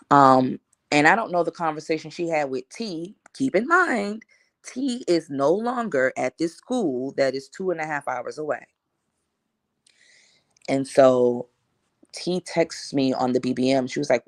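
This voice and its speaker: Woman, 30s, casual storytime vlogger, slangy, animated self-quotes. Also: low-pitched, no echo, clean studio sound. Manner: animated, acts out her own past lines; relaxed slangy conversational delivery.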